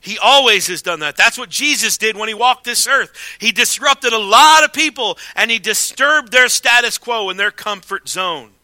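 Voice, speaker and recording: In a high-pitched voice with no echo around it, a man preaches as a pastor. He is emphatic, alternating between booming statements and quiet asides.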